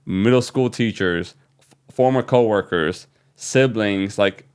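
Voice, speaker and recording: A man from New Orleans, a young adult, guest on a podcast, telling an excited story with many fillers. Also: lowish voice, takes it slowly, smooth. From New Orleans, USA. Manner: animated, excited retelling with fillers. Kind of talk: casual storytelling.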